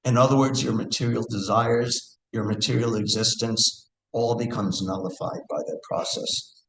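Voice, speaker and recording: A man's voice: mid-range voice, fairly even intonation, normal speed, vocal fry, fairly bright tone. A man giving a scripture class in a temple hall, speaking earnestly and thinking aloud, with hesitations and recited verse. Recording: echoey room, faint background hiss.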